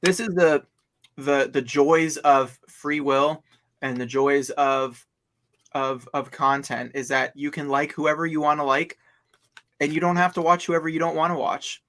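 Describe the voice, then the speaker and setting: A man's voice: a little high, fairly even intonation, measured pace, a bit bright. A man co-hosting a casual livestream, talking earnestly and at length, explaining himself with many restarts. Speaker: livestream co-host.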